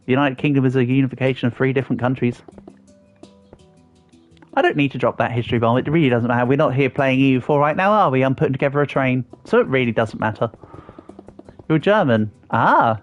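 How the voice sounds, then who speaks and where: A man's voice: mid-range voice, quick pace, highs cut off, soft background music. Chatty English man streaming. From England. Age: 30s. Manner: chatty, answers viewers' comments as he works. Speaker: livestreamer. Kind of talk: casual live-stream chat while building in a game.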